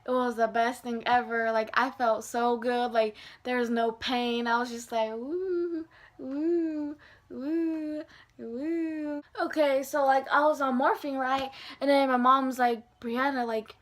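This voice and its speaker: A young woman telling a personal story in a casual vlog, animated and full of fillers. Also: a little high, normal speed, hardly any pauses. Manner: animated, lots of fillers, acts out dialogue. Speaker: vlogger.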